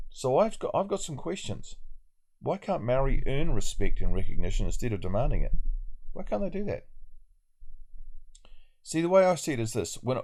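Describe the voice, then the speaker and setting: A man's voice: lowish voice, warm tone. A man giving indignant video commentary, full of rhetorical questions. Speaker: political commentator.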